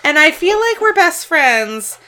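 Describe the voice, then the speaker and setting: A woman's voice: high-pitched, very animated, a little slow, sharp tone, slight background noise. A woman co-hosting a podcast, chatting casually about a show and laughing often. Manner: giggly, chatty. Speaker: podcast co-host. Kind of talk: casual rewatch commentary.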